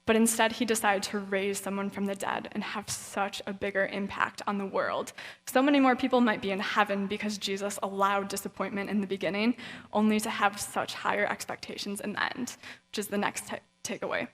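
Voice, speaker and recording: In a reverberant hall, a guest speaker at a young adult event gives a conversational sermon with Bible readings. Her mid-range voice is fairly even, fairly quick and a bit bright, and she now and then performs the voices of people in the story.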